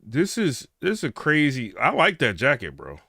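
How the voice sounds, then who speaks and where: A man's voice: medium pitch, huge pitch swings, normal speed, creaky, bright, forceful tone, dry recording, studio quality. A man hosting a late-night casual reaction stream, chatting loosely, reading viewer comments aloud and laughing often.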